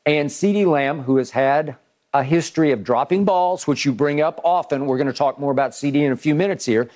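A man's voice: on the high side, a little fast. A man hosting a sports debate show, recounting plays emphatically with frequent restarts. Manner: animated, restarts often, emphatic play-by-play recounting.

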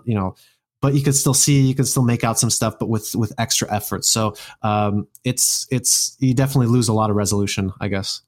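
A man's voice: lowish voice, darkish tone. A man talking casually as a guest, rambling with many restarts and fillers. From United States. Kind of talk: casual conversation.

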